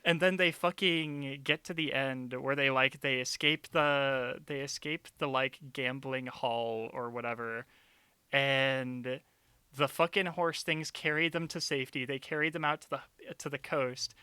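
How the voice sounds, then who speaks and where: A man's voice: medium pitch, measured pace, clear, resonant tone, no room sound. A young man on a stream, ranting about a film in casual chat, sarcastic and swearing often. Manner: animated, sarcastic, swears a lot. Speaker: streamer, co-host.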